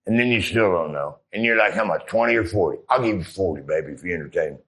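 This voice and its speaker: A man's voice: sits low, lively intonation, fast talker, a bit bright. A middle-aged man, a former Marine, telling rambling, profane stories in a casual interview. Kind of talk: casual storytelling.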